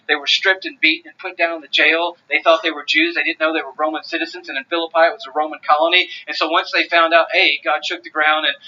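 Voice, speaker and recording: A man's voice: on the high side, sharp tone, muffled recording. A man preaching a sermon, emphatic and driving, repeating phrases for stress. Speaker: pastor.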